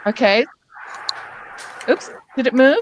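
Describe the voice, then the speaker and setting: A woman's voice: high-pitched, slow pace, a little hiss or hum. Patient woman walking teachers through steps. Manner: patient, step-by-step explaining. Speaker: reading teacher trainer. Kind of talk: teacher workshop instruction.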